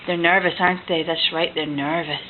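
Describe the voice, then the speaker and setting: A woman at home retelling a picture book with a toddler, gentle and coaxing, often dropping to a hush. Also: fairly low pitch, fairly even intonation, moderate pace. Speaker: parent reading to a toddler. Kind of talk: bedtime story retelling. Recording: tinny lo-fi home recording, faint hiss.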